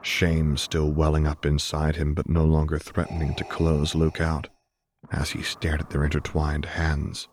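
Deep-voiced male audiobook narrator. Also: completely flat delivery, unhurried, slight background noise. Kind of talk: audiobook reading of fan fiction.

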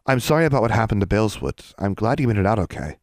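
A man voicing an earnest, kind young schoolgirl in an audiobook, gentle and a little hesitant. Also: fairly low pitch, sing-song, quick pace, no echo, studio quality. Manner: gentle and chatty, slightly hesitant.

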